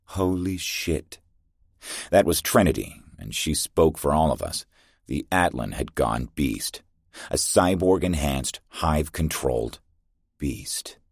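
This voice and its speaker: A man reads a first-person science fiction audiobook in a steady, terse manner. His voice is extremely deep with a husky edge. The recording is close and dry. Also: measured pace, no echo. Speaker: narrator.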